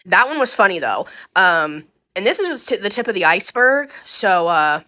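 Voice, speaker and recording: A woman casually telling candid stories to the camera about volunteering in hospice care, swearing freely and pausing with many ums. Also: medium pitch, sing-song, bright, forceful tone.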